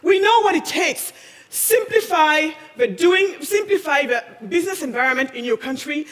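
A woman from Senegal giving a passionate conference talk, firing off challenging questions and rising to near-shouting. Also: high-pitched, lively intonation, normal speed. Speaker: speaker at a conference. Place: large conference hall. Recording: long reverb of a large hall.

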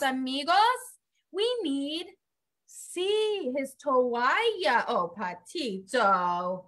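A woman's voice: high-pitched, very animated, takes it slowly, pushed and bright. A woman teaching a playful lesson for kids on a livestream, exclaiming and coaxing the children along.

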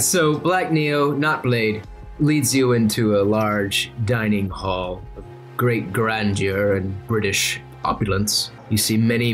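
Man, game master, tabletop game narration, low pitch, playful, faint music behind. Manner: playful, deadpan jokes.

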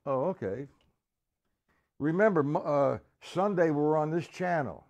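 A man giving a live-streamed drum lesson. He counts beats out loud and chats casually with viewers between exercises. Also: fairly high pitch, lively intonation, measured pace, creaky, highs cut off. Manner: counts out loud over drumming, chatty asides to viewers. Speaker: drum teacher. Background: drum kit playing.

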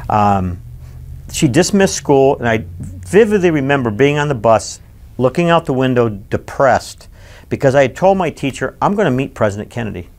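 A man in his sixties from Michigan, recalling his childhood in an oral history interview with animated, emphatic storytelling. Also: mid-range voice, normal speed. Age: 60s.

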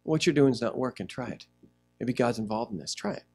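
A man pastor preaching a sermon in a church, animated, acting out little scenes as he goes. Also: mid-range voice, a little fast, vocal fry, faint music behind. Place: church sanctuary.

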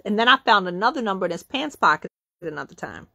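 A middle-aged woman telling a story in a casual, profane way, acting out the quotes with sudden jumps in pitch. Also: animated, a little fast, vocal fry, bright, forceful tone.

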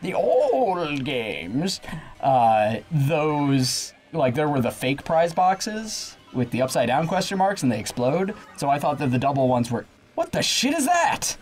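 A man co-hosting a casual let's-play, chatting and shouting excited, swearing outbursts at the game. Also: a little high, unhurried, faint music behind. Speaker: gaming channel co-host.

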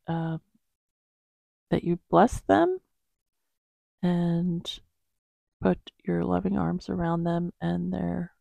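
A woman speaks a heartfelt spoken prayer at a very unhurried pace, her voice deeply gravelly throughout. She hesitates and pauses often between phrases. The sound is close and dry, with no room around it. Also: mellow, no room sound. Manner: slow, halting prayer with many pauses. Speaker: Bible-reading channel host. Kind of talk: spoken prayer and casual sign-off.

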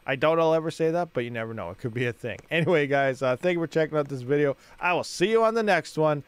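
A man with a slightly high voice gives casual gameplay commentary, rambling and thinking aloud. He talks to his viewers as he clicks through menus. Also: animated, quick pace, clear, resonant tone, no room sound. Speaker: gaming channel host.

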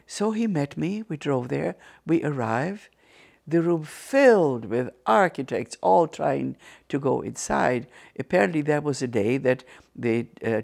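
Older woman with a gravelly voice. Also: rumbling low. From Ukraine. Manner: animated, acts out the voices of people in her stories. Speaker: interview guest. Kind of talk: personal testimony storytelling.

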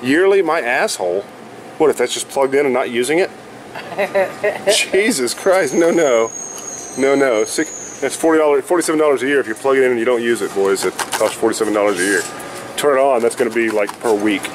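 A man's voice: mid-range voice, fairly quick. A man vlogging casually in a parking lot and a home improvement store, joking and swearing as he talks to his viewers. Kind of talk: casual vlog chat. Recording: noisy outdoor and store audio.

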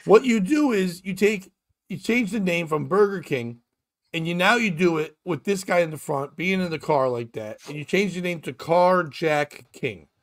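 A man's voice: high voice, normal speed. A man hosting a casual comedic talk show, riffing and ranting with lots of swearing. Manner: profane, riffing, rambling rants. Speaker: podcast host.

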